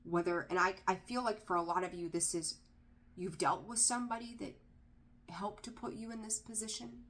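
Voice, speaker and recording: A woman's voice: mid-range voice, fairly even intonation, moderate pace, a bit bright. A woman giving a casual tarot reading to camera, direct and emphatic, repeating her key points and dropping candid, slightly profane asides. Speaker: tarot reader.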